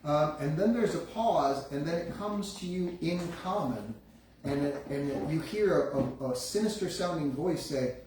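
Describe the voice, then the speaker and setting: A man's voice: a little high, animated, a little mellow. Echoey, distant man running a game. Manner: descriptive, halting narration with many restarts. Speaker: game master. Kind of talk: narrating a live tabletop game. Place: room around a gaming table. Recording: echoey room, distant mic, faint noise.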